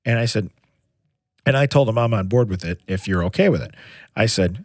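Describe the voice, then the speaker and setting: In clean studio audio with no room sound, a middle-aged man co-hosting a podcast relates a lengthy family story. He speaks at medium pitch, animated and a little fast, chatting casually with many restarts and "you know"s.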